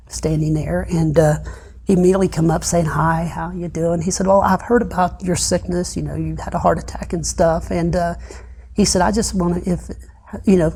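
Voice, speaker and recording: A middle-aged man, a guest in an interview, gives a personal testimony, retelling events haltingly with many pauses and often dropping soft and low. His voice has a creaky, breathy edge.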